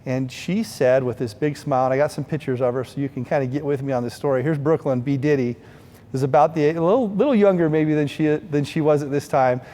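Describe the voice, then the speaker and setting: Middle-aged man, fundraiser speech, warm mellow voice, earnest storytelling, long reverb. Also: fairly high pitch, fast talker. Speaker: speaker at fundraising event.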